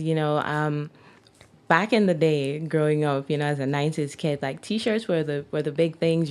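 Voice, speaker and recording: Low-voiced Jamaican woman, chatty. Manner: chatty, laughs often, many fillers. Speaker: guest, clothing designer. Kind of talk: casual interview.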